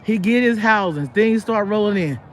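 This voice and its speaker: A woman's voice: medium pitch, normal speed, a little hiss or hum. Blunt, profane woman telling stories live. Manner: blunt, profane, rambling with many restarts; acts out quoted people in animated bursts. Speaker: livestream host. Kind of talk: casual live storytelling to viewers.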